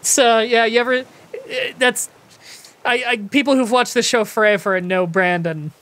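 A woman's voice: fairly high pitch, fairly even intonation, normal speed, a bit bright. A Canadian woman from Ontario hosts a co-op game session in loose, chatty commentary. She jokes freely and drops casual swear words. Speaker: gaming channel host. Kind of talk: casual multiplayer gameplay commentary.

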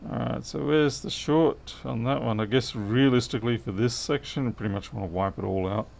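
Gravelly man chatting while repairing. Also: mid-range voice, fairly quick, darkish tone. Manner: rambling, thinks aloud, answers chat. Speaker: repair technician livestreaming. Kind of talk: casual livestream chat while working.

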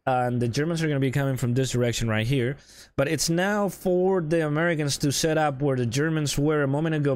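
A man casually commenting on a game match for a stream, chatty and joking with viewers. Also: medium pitch. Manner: chatty, greets viewers, jokey.

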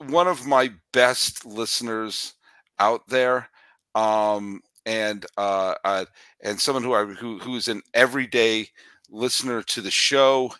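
A man hosts a casual sports podcast with a bright, pressing voice. He rambles through fillers and restarts and gets loud out of sheer enthusiasm. The sound is close and dry. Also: lowish voice, takes it slowly, smooth, dry recording. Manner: excitable, raises his voice out of enthusiasm. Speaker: podcast host.

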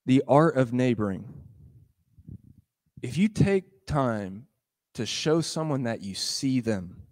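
A man's voice: medium pitch, takes it slowly, pauses often. A man giving a sermon in a conversational style, retelling a gospel story and acting out its dialogue in voices. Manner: animated, acts out the dialogue in voices; conversational, with fillers and laughs. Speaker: pastor.

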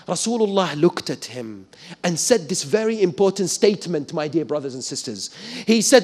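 A man giving a sermon as a sheikh, telling stories with sudden loud dramatic peaks. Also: a little high, sing-song, normal speed, breathy edge. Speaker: sheikh preacher. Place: mosque lecture hall.

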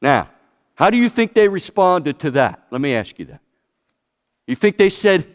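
Lively preacher in a reverberant hall. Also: male voice, a little high, normal speed. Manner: asks the congregation many questions. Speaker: pastor. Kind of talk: sermon.

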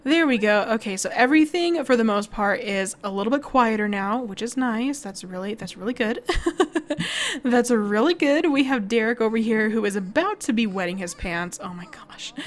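A woman's voice: fairly high pitch, animated, moderate pace. A young woman chatting bubbly through a life-sim game as a let's play host, laughing and exclaiming often. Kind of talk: casual gameplay commentary.

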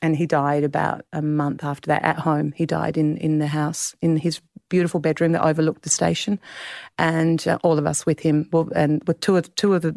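A woman in her fifties with an Australian accent tells a tender family story, often stopping and restarting her sentences. Her voice sits low with a gravelly, creaky edge, and at times she sounds close to tears. The recording is dry and close, with no room sound. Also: warm tone, no room sound. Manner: tender, halting, with many restarts. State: tearful at times. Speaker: guest author. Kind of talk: emotional personal storytelling.

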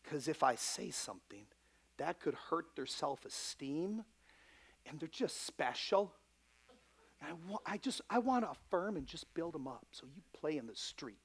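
A man doing a hushed, coddling permissive parent. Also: on the high side, very animated, measured pace, slightly rough, full character voice. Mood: mocking coddling. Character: soft-spoken overly permissive parent, coddling and naive.

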